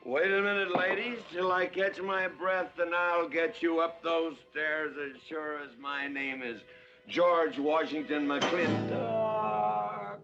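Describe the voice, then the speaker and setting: A tipsy, blustering rich rancher. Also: male voice, a little high, slow pace, over music. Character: brawling, drunken rich rancher. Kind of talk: 1960s film acting. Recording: muffled old film soundtrack.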